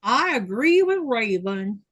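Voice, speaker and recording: A woman's voice: fairly high pitch, very animated, slow, fairly bright tone, rough recording. A woman hosting a sewing livestream, chatting casually and reading viewer comments aloud. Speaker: livestream host. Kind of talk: casual chat while sewing.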